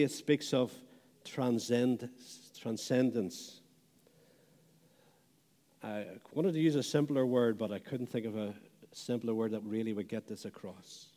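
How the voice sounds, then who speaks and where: A man preaching a sermon, slow and deliberate, letting phrase ends fall away softly. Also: medium pitch. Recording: long hall reverb.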